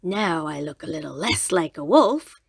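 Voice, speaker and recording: A sly wicked wolf from a bedtime storybook, as a woman reader puts him on, a touch lower than her own voice, with a strange, husky-sounding tone. he draws out his words slowly and coaxingly, in a dry, close sound. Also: animated, dry recording, heavily acted. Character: sly wicked male wolf, sweet-talking.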